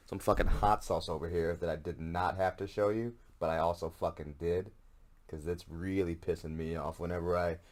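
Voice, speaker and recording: A man hosting a casual solo podcast, ranting in a profane, sarcastic and rambling way. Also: low-pitched. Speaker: podcast host.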